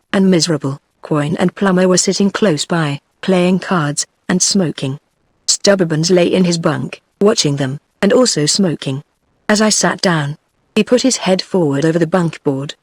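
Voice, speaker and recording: A woman's voice: fairly low pitch, dry recording, studio quality. A synthetic woman's voice with a British English accent reading an audiobook. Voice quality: synthetic, evenly paced machine voice. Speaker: audiobook narrator. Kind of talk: text-to-speech book reading.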